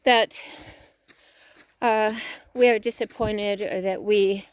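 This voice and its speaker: A woman's voice: mid-range voice, steady tone, takes it slowly, clean tone. A woman giving an earnest, repetitive motivational talk outdoors while walking with ankle weights, slightly out of breath. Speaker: fitness vlogger.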